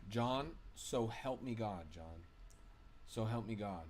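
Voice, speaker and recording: A man's voice: fairly low pitch, lively intonation, slow pace, slight background noise. A man live streaming, ranting angrily and profanely at his chat.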